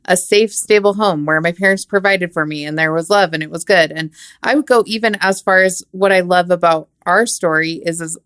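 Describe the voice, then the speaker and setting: A woman with a slightly low voice reflects on a podcast in a thoughtful, conversational way. She often pauses to find her words. Her voice sounds close and dry. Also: fairly bright tone, clean tone, dry recording. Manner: thoughtful, conversational, frequent "you know". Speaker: podcast co-host.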